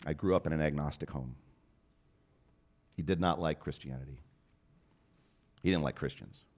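A man with a very low, deep voice preaches to his congregation. His delivery swings between quiet, intimate stretches and loud, urgent appeals, the way a pastor drives a point home. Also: normal speed. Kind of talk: sermon.

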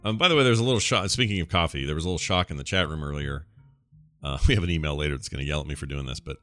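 A man's voice: rumbling low, very fast, a bit bright, no echo, faint music behind. A man co-hosting a podcast in casual chat, joking around and reading out quiz questions playfully. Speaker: podcast co-host.

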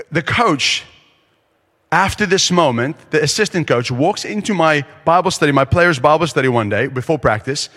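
A man preaching at a conference, telling a story with lively, acted-out quotes. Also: a little high. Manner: animated storyteller acting out quotes. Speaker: pastor. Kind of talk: sermon storytelling. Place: large conference hall. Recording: long hall reverb.

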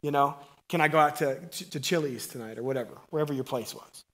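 Energetic preacher, higher-pitched man. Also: fast, few pauses. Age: middle-aged. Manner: energetic and conversational, swinging from loud emphasis to quiet asides. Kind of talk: sermon.

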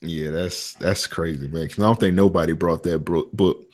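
A man's voice: low-pitched, steady tone, moderate pace, darkish tone. Laid-back laughing podcast host, a man. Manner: loose storytelling, laughs often, slangy. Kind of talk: casual podcast banter.

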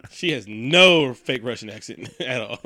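A man's voice: medium pitch, moderate pace, no echo, clean studio sound. A man casually recapping a movie, joking and swearing freely as he tells the story. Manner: profane, joking, animated storytelling.

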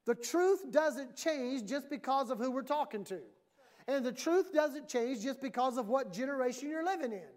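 A woman with a high, animated, slightly mellow voice speaks at a normal pace. She's a pastor preaching in church, emphatic yet conversational, frequently acting out the voices of people she quotes.

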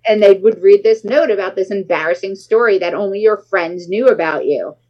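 Animated woman telling a story. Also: medium pitch, brisk, highs cut off. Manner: animated, dramatic retelling with acted quotes. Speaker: guest. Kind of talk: casual storytelling interview.

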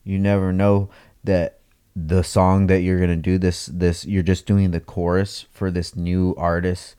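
A man's voice: low voice, flat delivery, measured pace, warm tone, clear, resonant tone. A man co-hosting a podcast in casual chat, laid-back and joking, turning earnest when he talks about something he admires. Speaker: podcast co-host.

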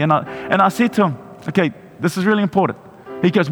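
A pastor in his 40s from New Zealand preaches a sermon and shares a personal story, often restarting and repeating his words. His voice is fairly high, fast and a bit bright, with long hall reverb and music behind him.

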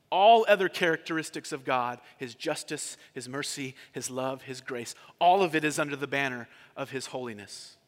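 A man's voice: on the high side, fairly bright tone. Pastor guy giving a sermon, chatty, keeps asking the crowd stuff, echoey church hall. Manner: conversational preaching, asks the congregation questions.

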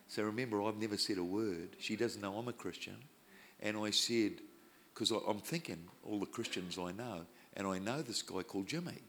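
A man preaching, telling a personal story in an animated way and acting out the people he quotes. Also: low-pitched, slight background noise. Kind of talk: storytelling sermon.

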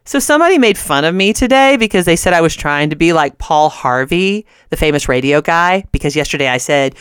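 Smooth low-voiced woman radio host. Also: lively intonation, brisk, hardly any pauses, no echo, clean studio sound. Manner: earnest, often laughing mid-sentence. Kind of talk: personal storytelling on radio.

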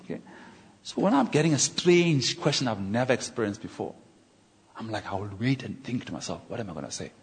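A man preaching a sermon, telling stories and acting out conversations in an animated way. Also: fairly low pitch, husky. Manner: animated, acts out dialogue with pauses and exclamations. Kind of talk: sermon storytelling. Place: church. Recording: echoey church hall.

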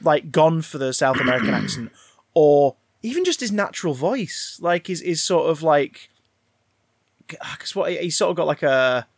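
A man chats about a film in a loose, rambling way, swearing freely and restarting his sentences. His voice sits a little high with a gravelly rasp. The sound is dry and close. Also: animated, normal speed, dry recording. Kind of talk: casual film discussion.

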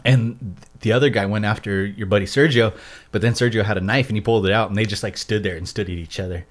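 A man's voice: lowish voice, steady tone, fast. A man telling a story in a casual, rambling way, full of fillers.

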